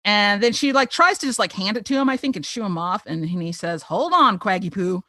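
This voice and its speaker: A woman's voice: mid-range voice, brisk, no room sound. A woman hosting a podcast, chatting casually and retelling a cartoon episode with lots of laughter. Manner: giggly, animated storyteller. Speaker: podcast host. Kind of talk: casual chat recapping a cartoon.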